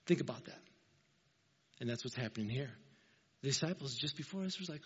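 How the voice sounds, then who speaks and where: A man preaching a sermon, telling the story with animated, emphatic asides. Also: medium pitch, brisk, long pauses, breathy edge. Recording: reverberant hall, dull lo-fi sound.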